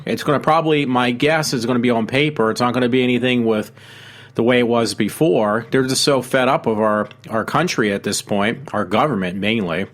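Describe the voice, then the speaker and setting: A man hosting his own casual commentary show, talking in a halting way with many fillers and restarts. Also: medium pitch, fairly bright tone. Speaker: show host.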